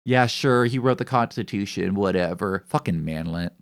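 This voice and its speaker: A man's voice: on the low side, normal speed. A young man streaming, chatting casually in rambling, profane, joking banter. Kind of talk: casual chat on a live stream.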